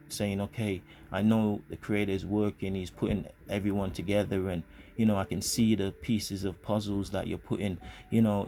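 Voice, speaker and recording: A man's voice: fairly low pitch, darkish tone, slight background noise. A man telling a personal spiritual story in an earnest, rambling way, full of fillers and restarts. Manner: earnest, grateful. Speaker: vlogger.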